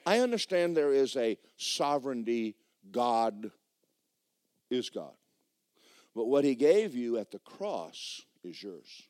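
A man preaching a sermon as pastor, swinging from shouted bursts to low, quiet lines and acting out dialogue. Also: very animated, slow pace, dry recording, clean studio sound. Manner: acts out dialogue in dramatized voices. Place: church sanctuary.

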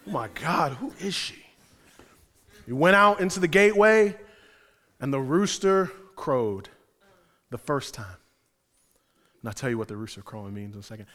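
A male preacher giving a sermon with animated, conversational, slangy storytelling. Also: a little high. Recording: long hall reverb.

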